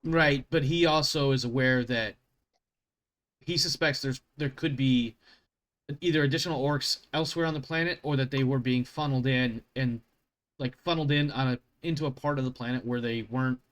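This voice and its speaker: A man's voice: mid-range voice, steady tone, moderate pace, a bit bright. A man narrating as game master of a tabletop role-playing game, rambling and correcting himself and swearing at his slips.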